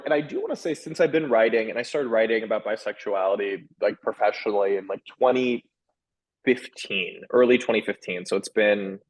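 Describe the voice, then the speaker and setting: Candid male guest, thirties, lively and chatty with lots of fillers. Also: on the low side, rough recording. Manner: animated, frank, quick restarts and "like" fillers. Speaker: author and sex columnist, guest. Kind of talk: candid conversational interview.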